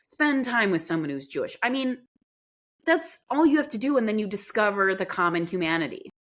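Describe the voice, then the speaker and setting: A woman guest in an interview, telling a story in an earnest, animated way. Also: mid-range voice, fairly quick. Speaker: podcast guest.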